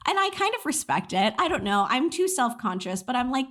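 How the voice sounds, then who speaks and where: A woman's voice: high voice, very animated, brisk, a bit bright. An American woman co-hosting a podcast in casual chat, chatty and self-deprecating, laughing often. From United States. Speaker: podcast co-host.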